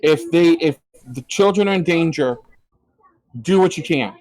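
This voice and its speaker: A man voicing a brisk, commanding male ally in a tabletop game. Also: fairly high pitch, a little mellow, dry recording, natural voice, rough recording.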